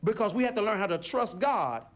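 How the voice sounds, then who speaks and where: Male pastor, high and lively voice, animated call-and-response sermon, folksy. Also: brisk.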